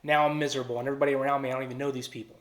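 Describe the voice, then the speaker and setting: A man's voice: mid-range voice, level tone, very fast. A man with a Philadelphia-area accent giving an earnest personal testimony and acting out quoted dialogue. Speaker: testimony speaker.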